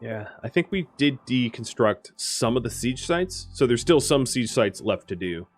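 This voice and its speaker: A man's voice: mid-range voice, lively intonation, moderate pace, soft background music. A man casually commentating a strategy game, thinking aloud and explaining the rules with frequent fillers. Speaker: gaming video host.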